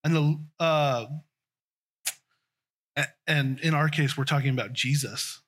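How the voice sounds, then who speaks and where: A man's voice: a little high, steady tone, unhurried, fairly bright tone. A man preaching a conversational sermon, often restarting and trailing off mid-sentence.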